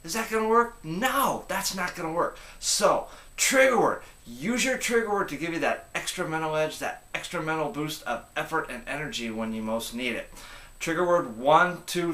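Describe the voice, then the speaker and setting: A man's voice: a little high, pushed and bright, echoey room. A man coaching viewers in a motivational tip video, speaking emphatically and repeating key phrases.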